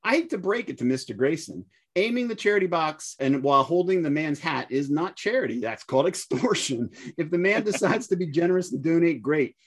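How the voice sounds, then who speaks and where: A man's voice: on the high side, expressive, a little fast, few pauses, breathy edge. A man co-hosting a podcast, reading listener mail with wry asides and frequent chuckles. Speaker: podcast co-host.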